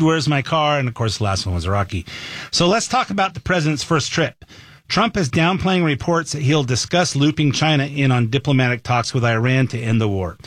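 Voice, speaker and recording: A man's voice: mid-range voice, no room sound. A man hosting a talk show, giving conversational, opinionated commentary into a studio mic.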